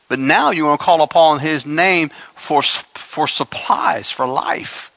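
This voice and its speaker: A man delivers a sermon in a high, gravelly voice with a bright, forceful edge. He preaches with emphasis and slips in joking asides. The recording sounds a bit dull and lo-fi. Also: very animated, measured pace, few pauses, no room sound. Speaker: pastor.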